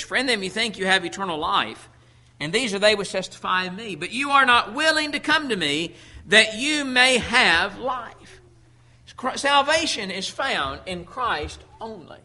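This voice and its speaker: A man preaching a sermon, emphatic, slowing down when quoting Scripture and often repeating words as he restarts. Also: extremely high pitch, bright, forceful tone.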